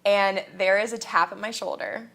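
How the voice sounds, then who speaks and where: A woman's voice: medium pitch, steady tone, normal speed, fairly bright tone. A woman from Kansas, a guest in a casual interview, telling stories animatedly, acting out quotes and laughing often.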